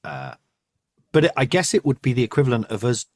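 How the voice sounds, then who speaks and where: A man's voice: medium pitch, huge pitch swings, a little fast, a little mellow, dry recording, studio quality. A man hosting a podcast, chatting casually, often laughing and trailing off. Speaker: podcast host. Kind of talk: casual chat.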